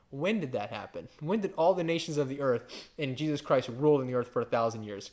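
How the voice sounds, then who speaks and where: A man's voice: medium pitch, fast talker. A man teaching from the Bible in a casual, conversational sermon. He tells stories, jokes on the side and asks rhetorical questions.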